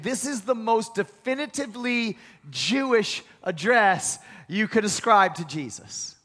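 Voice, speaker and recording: A man's voice: high voice, animated, unhurried, fairly bright tone. A man preaching a sermon, building to emphatic peaks and repeating key phrases. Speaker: pastor. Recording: long hall reverb.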